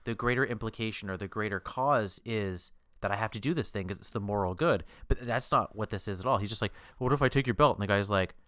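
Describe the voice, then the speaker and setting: Animated man on a dry mic. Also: lowish voice, quick pace, few pauses, no room sound. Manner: animated, acts out quotes in jumping voices. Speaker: podcast co-host. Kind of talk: casual chat.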